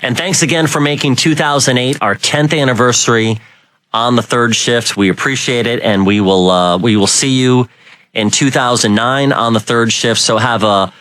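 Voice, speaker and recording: A man's voice: medium pitch, moderate pace, fairly bright tone, no room sound. A man from Rhode Island hosting a talk radio show, telling stories in a rambling way with many fillers. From Rhode Island, United States. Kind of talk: casual talk radio chat.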